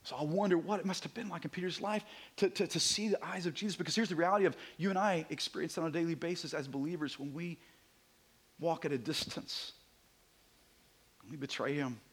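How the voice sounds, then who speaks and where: A man preaching a sermon as a visiting pastor, animated and conversational, sometimes dropping to a hushed near-whisper for emphasis. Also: a little high, fairly quick, slightly rough. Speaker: guest preacher.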